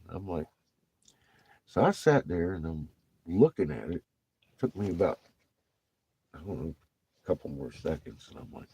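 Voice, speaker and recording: A man with a very low, husky voice tells rambling, cuss-filled stories in loose vlog talk. He laughs often as he goes. The sound is dry and close, with no room echo. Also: lively intonation, normal speed, long pauses, warm tone. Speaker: vlogger telling navy stories. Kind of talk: rambling casual storytelling.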